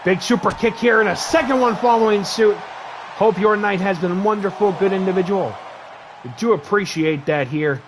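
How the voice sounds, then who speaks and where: Over plenty of background noise, this high-sitting male voice delivers excitable wrestling commentary at a moderate clip. He rattles off moves in quick bursts, pausing between spots to thank the people watching his stream.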